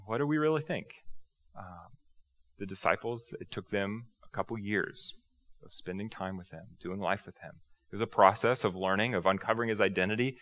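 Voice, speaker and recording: A man preaching a sermon in a relaxed, conversational way, asking rhetorical questions and joking at his own expense. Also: fairly low pitch, a little fast. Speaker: pastor.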